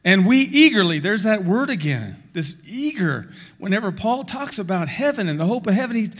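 A middle-aged male pastor with a high voice preaches at a moderate pace, animated and conversational, tossing asides to the congregation.

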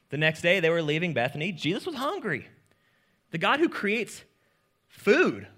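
Animated, bright-voiced joking preacher man. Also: fairly high pitch. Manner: lively, joking, casual preaching. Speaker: pastor. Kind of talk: sermon.

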